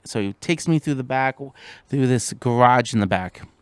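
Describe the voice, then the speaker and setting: A man hosting a podcast, telling a story in a casual way, animated, with stammering restarts and a voice that jumps up when he gets exasperated. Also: medium pitch, moderate pace, clear, resonant tone, dry recording. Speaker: podcast host.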